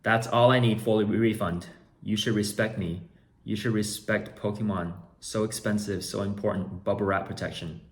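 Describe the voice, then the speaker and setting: A man's voice: on the low side, fairly even intonation, normal speed, close to an everyday voice. A man voicing a pushy, indignant male scammer customer who makes demands in broken phrasing. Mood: demanding.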